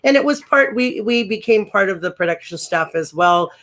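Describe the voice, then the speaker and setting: Deep-voiced chatty woman. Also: expressive, normal speed, fairly bright tone. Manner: chatty storyteller, many fillers and restarts. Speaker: guest, former pro wrestler. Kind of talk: casual interview chat.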